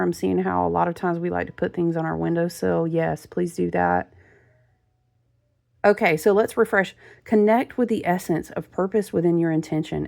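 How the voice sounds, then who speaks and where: A woman's voice: fairly low pitch, vocal fry, a little mellow. A woman giving a casual spiritual card reading to her viewers, chatty and familiar, calling them friend and honey.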